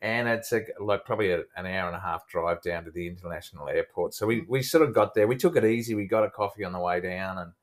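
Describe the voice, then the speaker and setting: Man over fifty co-host, lowish voice, laid-back, hesitant casual chat. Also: quick pace, hardly any pauses. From Australia. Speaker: podcast co-host. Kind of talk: casual travel podcast chat.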